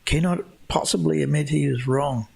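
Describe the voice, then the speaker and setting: A man hosting a casual livestream Q&A, answering chat questions in a rambling way with many restarts and a scornful tone toward flat-earth believers. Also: a little high, normal speed, creaky, slightly rough.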